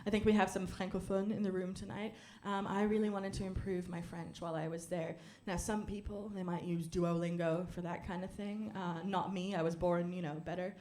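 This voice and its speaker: A young woman doing a stand-up comedy set on a club stage into a handheld mic, dry and deadpan, now and then breaking into loud, high mock-French theatrics. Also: brisk, hardly any pauses. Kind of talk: stand-up set with crowd work.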